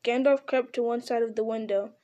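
Audiobook narrator, woman, higher voice, warm mellow tone, measured storytelling. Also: steady tone, muffled recording.

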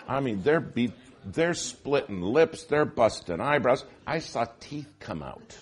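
A man preaching a sermon in an auditorium, telling stories with lively swings from hushed to loud. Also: medium pitch, normal speed. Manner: animated storytelling, shifting from hushed to loud.

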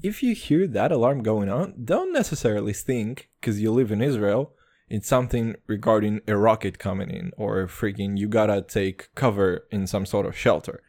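A young man hosting a casual solo podcast, swearing a lot and dropping "dude" into every sentence, boastful and rambling. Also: normal speed. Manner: crude, swaggering slang, lots of "dude"; jumps between low mutters and high excited bursts. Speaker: podcast host.

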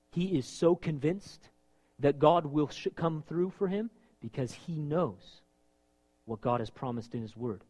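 A man preaching a sermon, emphatic and animated, acting out scripture scenes as he goes. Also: on the high side, normal speed, pauses often.

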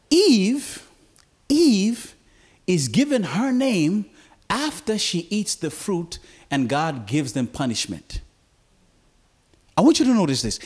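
Preaching to a congregation, a man lets his voice sink low and quiet, then climb high and loud, stumbling into stammered repeats.

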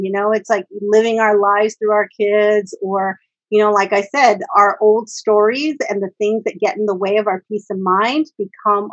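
A woman's voice: mid-range voice, a bit bright, highs cut off. A woman in her forties speaking earnestly and emphatically in candid conversation, now and then swearing for emphasis. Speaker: guest speaker with early education and trauma background. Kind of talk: candid conversational podcast talk.

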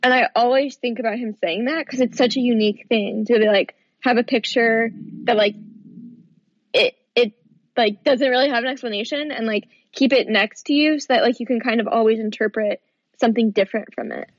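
A woman's voice: fairly high pitch, brisk, no echo. Woman, podcast co-host, casual chat, rambling and laughing, dull dry sound. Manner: chatty, many "like" fillers, laughs often.

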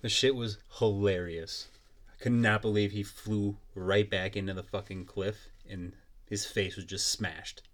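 A man's voice: fairly low pitch, steady tone, unhurried. A young man hosting a podcast, ranting in a blunt, profane and mocking way. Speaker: podcast host. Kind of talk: casual solo podcast rant.

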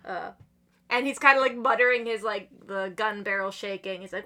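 A woman chatting on a podcast, excitedly retelling manga chapters and acting out the characters' lines between laughs. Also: medium pitch, normal speed. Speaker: podcast guest. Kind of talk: casual chat recapping manga chapters.

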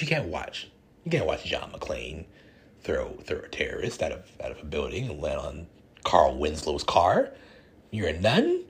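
Male podcast host, casual rambling retelling, husky with a lively pitch. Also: measured pace. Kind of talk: casual chat.

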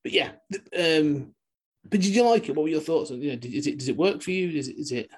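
A male podcast host talks in a loose, casual chat. His voice is husky, and his sentences ramble and restart with the odd chuckle. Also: fairly high pitch, lively intonation, fast talker. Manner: rambling, self-interrupting, chuckling.

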